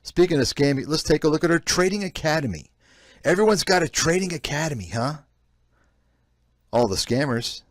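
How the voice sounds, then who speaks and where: This investment analyst hosts a live stream where he reacts to clips with repetitive, blunt, scornful ranting. He speaks at normal speed, pausing often, in a fairly high voice with lively intonation. The studio sound is clean, with no echo.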